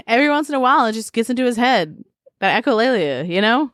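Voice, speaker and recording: A woman's voice: a little high, very animated, fast, a bit bright, dry recording, clean studio sound. A woman co-hosting a podcast in casual chat, rambling into tangents and laughing often. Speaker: podcast co-host.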